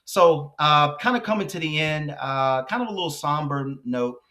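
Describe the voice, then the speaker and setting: A man in his forties hosting a car vlog, speaking to viewers in a soft-spoken, reflective and heartfelt way, with many hesitations. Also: a little high, lively intonation, normal speed, few pauses. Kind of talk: reflective personal talk to viewers.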